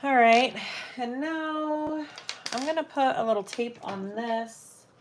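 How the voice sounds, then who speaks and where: Slow, chatty woman sewing on a livestream. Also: high voice, noisy background. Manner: thinks aloud while working, chats with viewers. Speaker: bagmaker hosting a live sewing stream. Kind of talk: casual live sewing chat.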